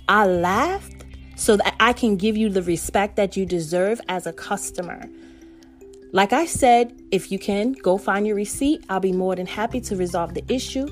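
A woman's voice: mid-range voice, moderate pace, soft background music. A woman vlogger telling an earnest devotional story and calling her viewers family. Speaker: faith vlogger.

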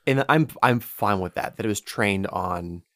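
A man co-hosting a casual podcast chat, telling anecdotes in a relaxed way with some fillers. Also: on the low side, moderate pace, no room sound, clean studio sound. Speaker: podcast co-host.

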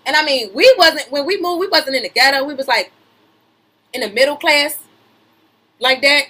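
High bright woman riffing on gossip. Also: moderate pace, rough recording. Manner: animated, keeps interrupting herself with "wait a minute"; reads news aloud then riffs with slang and laughter. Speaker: podcast host. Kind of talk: gossip commentary.

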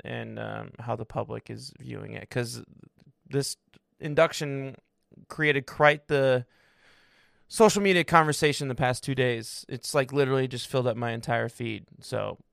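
A man's voice: medium pitch, gravelly, a bit bright, clean tone, dry recording, studio quality. A young man co-hosting a casual sports podcast, laid-back and teasing, swearing casually as he talks. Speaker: podcast co-host.

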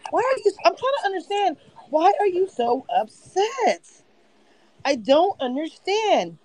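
A woman hosting a live chat about a reality show, blunt, profane and quick to laugh. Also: very high-pitched, very animated, darkish tone, dry recording, rough recording. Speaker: show commentary host.

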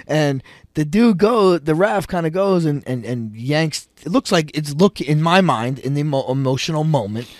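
A man, a wrestling coach hosting a casual chat, telling stories animatedly and acting out quotes with sudden loud outbursts. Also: fairly high pitch, gravelly, dry recording, studio quality. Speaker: podcast host, wrestling coach.

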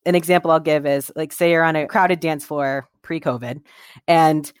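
Brief: earnest interview guest, mid-pitched voice, dry close recording. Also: moderate pace, clear, resonant tone, dry recording. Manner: earnest, animated when quoting others. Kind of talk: conversational interview storytelling.

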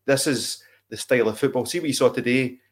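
A man's voice: mid-range voice, fairly quick. A man giving his views in a casual football podcast chat.

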